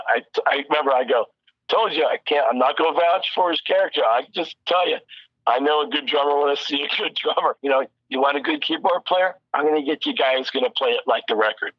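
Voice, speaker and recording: A male recording engineer telling a rambling, animated backstage anecdote in a casual interview, full of restarts and the odd curse word. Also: medium pitch, no room sound, lo-fi sound. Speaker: recording engineer and producer, guest.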